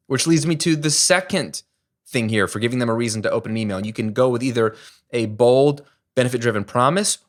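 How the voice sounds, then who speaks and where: A man speaking at an everyday mid-range pitch, coaching his viewers in a casual, chatty tone. He drives his points home with emphatic rhetorical questions. Now and then he slips in a self-deprecating aside. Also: a bit bright. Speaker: online business coach. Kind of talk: casual teaching to camera.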